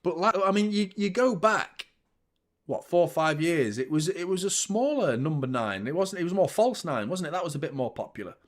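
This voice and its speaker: A man hosting a live football watchalong, chatting opinions and commenting on play, swearing freely and getting loud at big moments. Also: a little high, lively intonation, normal speed. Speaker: host of a football fan channel.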